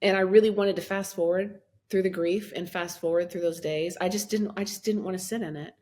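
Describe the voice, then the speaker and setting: Animated storytelling woman in her fifties. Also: lowish voice, a little fast. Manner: animated, acts out her own past words in a raised voice; laughs often while telling a story. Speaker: guest, minister and life coach. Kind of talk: personal storytelling in a podcast interview.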